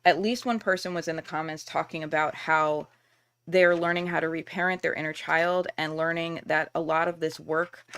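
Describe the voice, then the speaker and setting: A woman's voice: low voice, fairly even intonation, moderate pace, a bit bright, clear, resonant tone. A middle-aged woman hosting a live stream, talking candidly and reassuringly with viewers, with lots of casual fillers. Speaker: tarot reader and workshop host.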